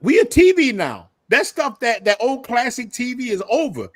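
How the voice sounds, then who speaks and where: A man's voice: extremely high pitch, normal speed, dry recording. A man hosting a casual livestream chat, telling stories and laughing often. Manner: animated storytelling, laughs often. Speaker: host.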